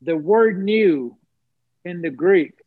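A man's voice: high voice, lively intonation, slow pace, dry recording, narrow, tinny audio. A man giving an emotional personal testimony on a talk show, earnest and preacherly, repeating phrases for emphasis. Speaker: guest sharing testimony.

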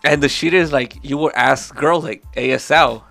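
A man's voice: on the high side, normal speed, creaky, a bit bright, dry recording, faint music behind. A man in his twenties, podcast co-host, talking in a loose, profane, rambling way with lots of fillers. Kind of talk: casual chat.

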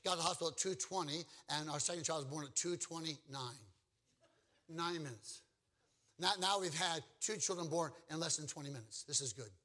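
A pastor in full sermon mode, a man with a high, bright, forceful voice. He preaches emphatically, moving between storytelling and joking asides to the congregation. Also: a little fast.

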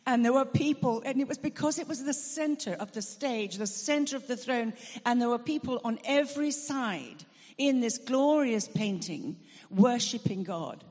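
A woman preacher giving a lively, humorous sermon at an outdoor festival, building to loud emphatic proclamation. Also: fairly high pitch, normal speed, big-room sound.

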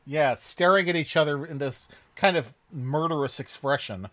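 A man co-hosting a podcast, explaining things in an animated, casual way. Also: on the high side, normal speed, no room sound, clean studio sound. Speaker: podcast co-host. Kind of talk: casual discussion.

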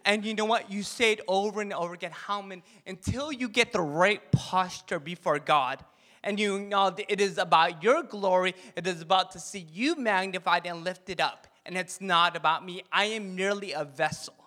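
A pastor, a man, giving an animated, jokey sermon and leading the crowd in call-and-response chants. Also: sits high, moderate pace. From Korean heritage. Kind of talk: sermon talk.

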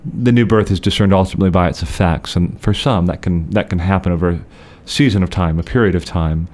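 A man co-hosting a podcast, explaining theology in a measured, conversational way with frequent restarts. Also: low voice, a little mellow.

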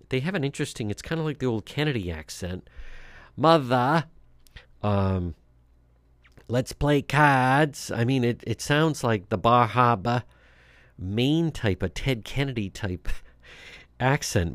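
A man's voice: mid-range voice, expressive, a little slow, no room sound. A man hosting talk radio, giving blunt, scornful political commentary with frequent fillers and restarts.

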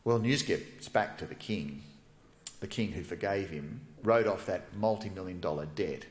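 A man preaching a sermon as a pastor, retelling a story with lively, animated delivery. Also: sits low, normal speed. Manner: animated storytelling, acts out quoted characters. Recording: echoey hall.

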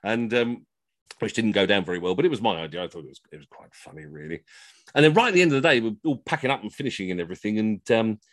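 Cheeky man spinning comic anecdotes over a video call; very animated intonation, dry close sound. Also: on the low side, fast, no echo. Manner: chatty, rambling, cheeky. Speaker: costumed entertainer, storyteller. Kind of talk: comic storytelling.

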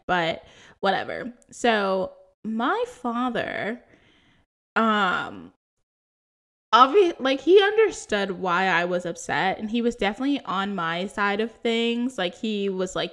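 Woman, twenties, podcast host, chatty, laughs often, mid-pitched. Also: lively intonation, slow pace, a bit bright. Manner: chatty, laughing often, full of likes and ums. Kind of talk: casual storytelling chat.

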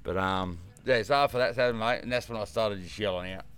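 A man's voice: on the low side, fast, fairly bright tone, smooth, dry recording. A man with an Australian accent, a guest telling a story in rambling casual conversation, swearing often and leaning on fillers.

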